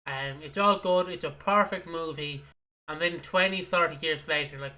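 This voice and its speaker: Sick-voiced man, bright and high. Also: normal speed. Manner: jokey, rambling, sweary. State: sick, slightly hoarse. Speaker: podcast co-host. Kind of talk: casual podcast chat.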